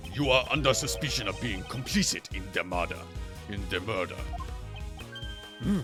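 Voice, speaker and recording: A man's voice: lowish voice, expressive, normal speed, natural voice. Man doing a stern older male prosecutor, put-on German accent, barking and scornful, faint game music behind.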